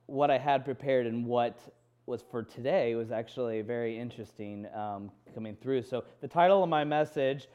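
A man's voice: medium pitch, a little mellow, clean tone, muffled recording. A man in his thirties preaching a sermon, telling a personal story candidly and quoting his own inner dialogue. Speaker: pastor.

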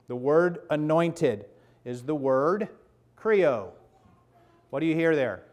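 A man's voice: on the high side, lively intonation, slow, pauses often, a little mellow. A man in his fifties preaching a sermon to his congregation, conversational and emphatic, checking in with "okay?" and "right?" asides. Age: 50s. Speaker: pastor.

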